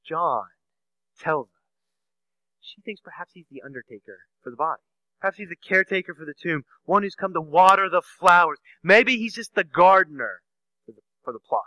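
A man preaching a sermon, asking the listeners rhetorical questions and swinging from a soft hush to loud emphasis. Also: on the high side, lively intonation, normal speed, pauses often, no room sound, low-quality recording.

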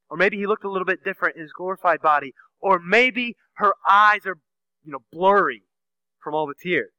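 High-voiced bright male preacher. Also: no room sound, lo-fi sound. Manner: rhetorical questions, swings from soft hush to loud emphasis. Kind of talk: sermon.

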